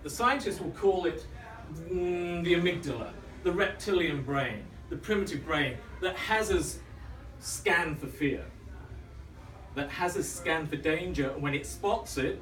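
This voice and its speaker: A man in his thirties delivers a dramatic storytelling speech in a function room. His voice sits a little high for a man and swings widely in pitch. It sounds roomy and distant, with a faint ambient hum behind it. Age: 30s. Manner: dramatic, drops to a hush for tension. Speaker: club speaker.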